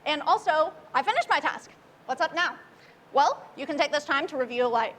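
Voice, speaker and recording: Young woman from Oklahoma, high voice, upbeat casual meetup speaker, faint background noise. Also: lively intonation, fairly quick, a bit bright. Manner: upbeat, chatty, friendly. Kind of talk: casual tech talk.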